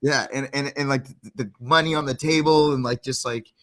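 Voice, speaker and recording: Animated rambling male podcast host. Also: mid-range voice, a little fast. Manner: animated, rambling, swears casually. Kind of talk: casual storytelling chat.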